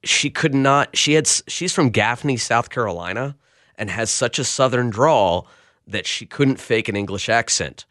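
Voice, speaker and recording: A man hosting a casual podcast chat about a film, jokey and animated, often restarting his sentences. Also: mid-range voice, moderate pace, no echo, clean studio sound. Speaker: podcast host.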